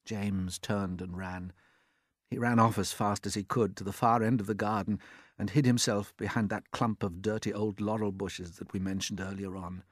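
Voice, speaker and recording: A man narrating a children's storybook in an expressive, unhurried way. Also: on the low side, no echo, clean studio sound. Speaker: audiobook narrator.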